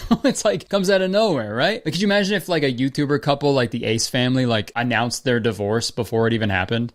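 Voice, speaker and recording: A young man giving rambling, sarcastic comedy commentary and swearing freely as a YouTube comedian. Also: mid-range voice.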